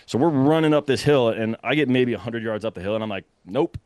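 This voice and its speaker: A young man casually telling a long story, animated and breathless, full of fillers and quick laughs. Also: medium pitch, no echo, clean studio sound. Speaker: podcast guest telling a hunting story.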